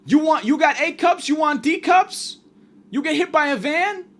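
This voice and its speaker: A man voicing a loud, brash male ad pitchman who shouts a hard sell. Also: lively intonation, normal speed, exaggerated voice. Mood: hyped.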